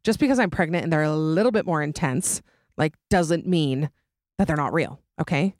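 A woman's voice: low-pitched, normal speed, a little mellow, no echo, studio quality. A young adult woman hosting a podcast, chatting casually and dramatically, often laughing. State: pregnant. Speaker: podcast host. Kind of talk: casual chat.

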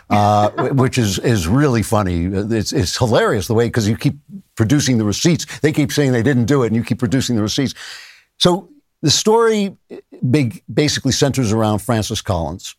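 A man's voice: medium pitch, a little mellow, no room sound. Chatty male podcast host, dry sound. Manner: chatty, repeats words when thinking aloud. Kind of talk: conversational interview.

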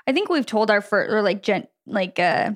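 A woman's voice: mid-range voice, expressive, moderate pace. A young married woman co-hosting a podcast, chatting in a giddy, gushing way with lots of fillers. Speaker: podcast co-host. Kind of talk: casual chat.

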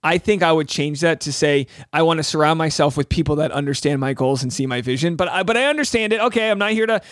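A man hosting a casual podcast, upbeat and chatty with a fondness for little jokes. His voice sits a bit high, and the sound is dry and close to the mic. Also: quick pace, a bit bright, dry recording. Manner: chatty, joking, upbeat, repeats lines aloud. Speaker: podcast host. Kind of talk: casual chat.

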